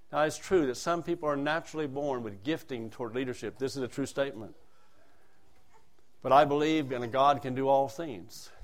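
A male preacher giving a sermon. He drops to soft, quiet asides, then rises to loud, emphatic lines, and reads scripture in a raised, declaiming voice. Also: medium pitch.

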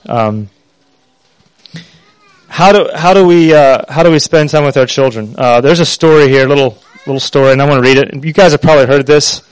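A man preaching a sermon in an earnest, halting way, with many pauses and fillers. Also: mid-range voice, clear, resonant tone, dry recording, low-quality recording.

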